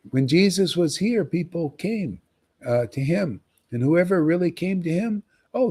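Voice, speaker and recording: A man preaching on a livestream in an emphatic, animated way, often tossing in "man.". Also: mid-range voice, breathy edge. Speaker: spiritual teacher.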